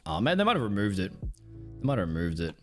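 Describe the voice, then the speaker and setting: A man's voice: lowish voice, huge pitch swings, fairly quick, soft background music. A man streaming live, chatting casually and reacting to clips, rambling, swearing and laughing often.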